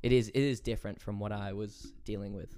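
Young man, English accent, casual podcast chat, smooth resonant voice, dry close sound. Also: on the low side, steady tone, fairly quick, dark tone, no echo. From England. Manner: casual, swears freely, laughs easily. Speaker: podcast host.

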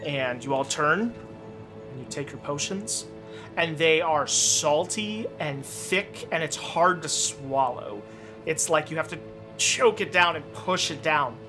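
A man's voice: a little high, slow pace. Man narrating as game master, music behind. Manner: descriptive, loose, with fillers.

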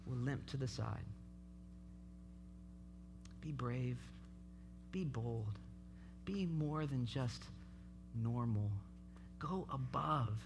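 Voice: mid-range voice, extremely slow, pauses often, over music. A speaker giving an impassioned sermon at a youth event, urging listeners with repeated calls. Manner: impassioned, repetitive exhortation.

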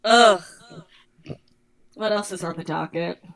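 A young woman co-hosting a podcast, chatting casually and gossiping with quick asides. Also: lowish voice, fairly bright tone. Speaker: podcast co-host. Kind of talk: casual chat.

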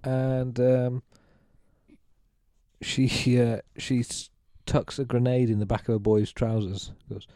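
Man podcast cohost, dark mellow voice, dry sound, rambling self-mocking banter. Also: medium pitch, level tone, slow, dry recording. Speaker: podcast co-host. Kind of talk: casual chat.

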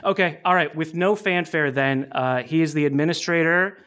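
A man's voice: a little high, moderate pace, fairly bright tone. A man hosting a fan podcast, upbeat and jokey as he introduces the show and guests. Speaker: podcast host. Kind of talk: casual podcast chat.

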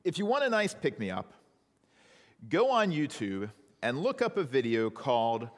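A man's voice: mid-range voice, huge pitch swings, moderate pace, in a large hall. A man preaching a sermon as pastor, in a conversational storytelling manner.

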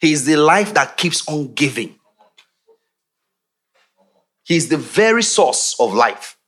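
Lively Nigerian pastor preaching. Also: male voice, a little high, takes it slowly. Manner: animated, laughing, teasing the congregation. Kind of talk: sermon.

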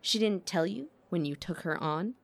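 A woman's voice: fairly low pitch, expressive, normal speed, gravelly. A woman reading as a gossipy old opera manager, all false innocence and sly digs, his voice swooping up and down. He savors every insinuation as a storybook rival.

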